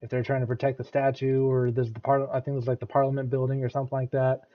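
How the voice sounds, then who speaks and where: Brief: American guy, reaction streamer, halting thinking-out-loud delivery, a bit dull lo-fi mic. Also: mid-range voice, level tone. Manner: hesitant, restarts and repeats words. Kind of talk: casual commentary.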